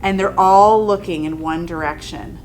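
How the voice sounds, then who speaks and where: A woman's voice: fairly low pitch, moderate pace, slight background noise. Dramatic female English teacher telling a story. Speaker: high school English teacher. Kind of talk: personal anecdote storytelling.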